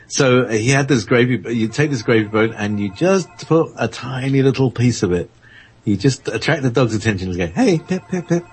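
A man hosting an internet radio show, chatting in a halting, rambling way with lots of fillers and frequent laughter. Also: fairly low pitch, darkish tone, husky. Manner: halting, many fillers and restarts, laughs often. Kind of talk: rambling casual chat on air.

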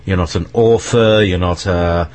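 A man's voice: low voice, steady tone, measured pace, a little mellow. A man interviewing a guest in a casual conversation, speaking hesitantly with many fillers and repeated words.

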